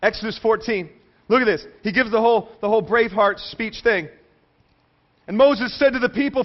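A man preaching a sermon as pastor, animated, telling stories and acting out quoted voices. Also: sits high, a little fast, highs cut off.

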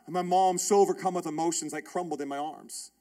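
A man in his thirties, a pastor, preaching a sermon built around a personal story, told in an animated, emphatic way with repeated phrases. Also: a little high, fast.

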